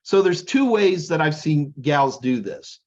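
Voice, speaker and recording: A man's voice: on the high side, animated, unhurried, a little mellow, dull audio. A man co-hosting a podcast in casual chat, telling jokey, rambling stories. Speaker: podcast co-host.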